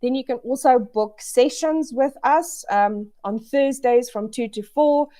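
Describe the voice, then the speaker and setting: A woman talks through a webinar over a video call. Her voice sits a little high, and her delivery is chatty and upbeat, full of fillers and quick restarts. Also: warm tone. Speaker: education webinar presenter. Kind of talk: casual presentation to an online audience.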